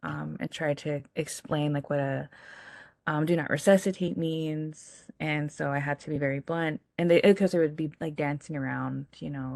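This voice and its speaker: A young woman on a video panel reflects on a personal experience in a soft, halting way, full of pauses. Her voice sits low with a gravelly edge. The sound is close and dry. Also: steady tone, no room sound. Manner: soft, halting, with frequent fillers.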